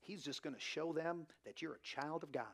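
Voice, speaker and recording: A man imitating a smooth-talking male prosperity preacher who makes soothing, coaxing promises of blessing, in a voice lower and softer than his own. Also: fairly quick.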